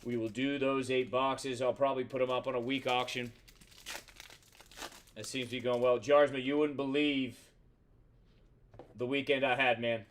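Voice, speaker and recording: A man's voice: medium pitch, little pitch movement, normal speed, long pauses, slight background noise. A man hosting a live trading card box break, chatting casually with viewers, swearing freely and rattling off player names and teams as he opens packs. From Central Florida.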